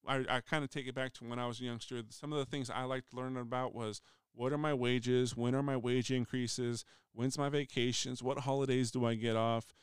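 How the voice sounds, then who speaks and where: A man's voice: mid-range voice, level tone, a little fast, clean tone, no echo, studio quality. A middle-aged man, a union steward, telling a story in a casual, rambling monologue with many restarts. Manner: rambling, frequent restarts, acts out quoted voices. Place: voice message recording.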